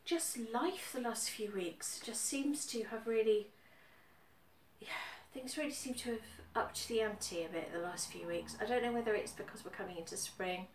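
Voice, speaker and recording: A woman's voice: mid-range voice, moderate pace. Chatty woman from the UK, roomy sound. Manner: chatty, many ums, repeats herself. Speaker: cross-stitch vlogger. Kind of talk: casual chat. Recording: roomy echo, somewhat far from mic, faint background noise.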